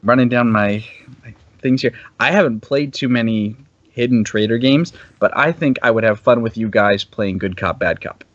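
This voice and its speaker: A man who teaches chats politely about games, a little self-conscious. His pitch is mid-range and the sound is close and dry. The audio is dull and lo-fi. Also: moderate pace, dry recording. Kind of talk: casual chat.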